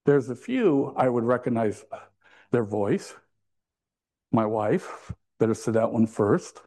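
A man's voice: mid-range voice, animated, takes it slowly, mellow. A man preaching a sermon to a congregation in a conversational way, with asides and jokes. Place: church.

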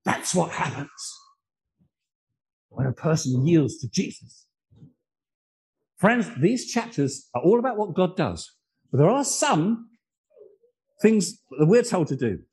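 Male preacher, high husky voice, earnest and confessional sermon delivery. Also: darkish tone, poor audio. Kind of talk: sermon with personal anecdotes.

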